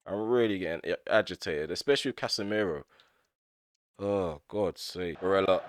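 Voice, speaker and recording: A low-voiced man calls his own football game as he plays. He swings from quiet analysis to loud, frustrated rants at the referee. A faint noise sits behind his voice. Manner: excitable, quick to rant at the referee. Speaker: gaming YouTuber. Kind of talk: live gameplay commentary.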